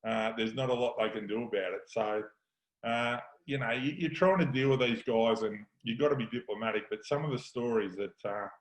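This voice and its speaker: A man's voice: medium pitch, brisk, poor audio. A middle-aged Australian man, a football coach hosting a show, telling stories in casual chat and acting out the lines he quotes. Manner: yarn-spinning, acts out quoted lines. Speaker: podcast host, football coach.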